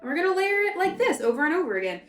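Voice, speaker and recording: Rapid-fire and sing-song, her very high-pitched voice carries over faint music as the young woman from the American South cooks and chats for her vlog. She rambles and interrupts herself, and the far-off mic leaves her home kitchen sounding echoey.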